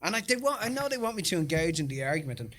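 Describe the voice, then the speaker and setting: A middle-aged man co-hosting a laid-back podcast tells stories at a very fast pace in a slightly high voice. He's lively, swears a lot, and laughs often as they chat.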